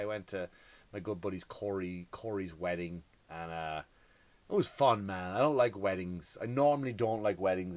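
Animated ranting comedian man. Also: deep voice, no room sound. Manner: profane, exasperated ranting. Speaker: stand-up comedian.

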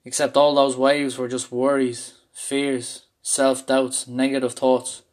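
A man's voice: medium pitch, little pitch movement, slow pace. A man from Ireland telling a candid, intense story about a panic attack. He speaks openly and swears freely. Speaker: speaker sharing a personal story. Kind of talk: personal storytelling talk.

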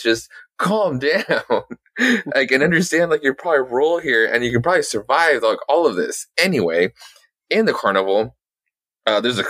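A man's voice: lowish voice, pushed and bright, no echo. A young man co-hosting a podcast, rambling through a casual comic book chat with lots of fillers, restarts and swearing. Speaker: podcast co-host.

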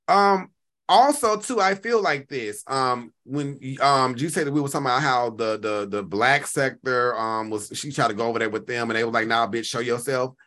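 A man, co-hosting a casual gossip chat, animated and slipping into high voices to quote people. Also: normal speed. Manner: animated, swings pitch up when quoting others. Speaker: podcast co-host.

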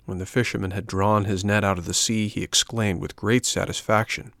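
A man reading a classic storybook aloud as an audiobook narrator, in a measured, even manner. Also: on the low side, creaky, no echo, clean studio sound.

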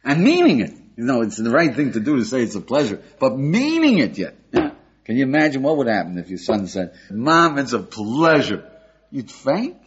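Older American rabbi with a husky, animated voice. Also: male voice, medium pitch, a little fast. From United States. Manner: animated, questioning the audience, frequent "yeah?". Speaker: rabbi teaching a class. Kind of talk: lively Torah class lecture. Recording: dull lo-fi lecture recording.

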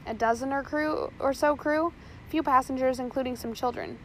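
A nervous, bumbling pirate mate, as a woman reads him aloud, stammering and tripping over his words. The voice sits a little high and pushes louder as he hurries along. It is a storybook reading of an eager underling. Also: fairly even intonation, normal speed, a little hiss or hum.

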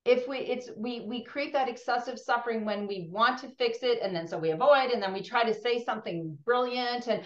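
A woman hosting a conversational interview, speaking with gentle humor. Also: a little high, brisk, hardly any pauses. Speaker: host. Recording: dull, echoey room sound.

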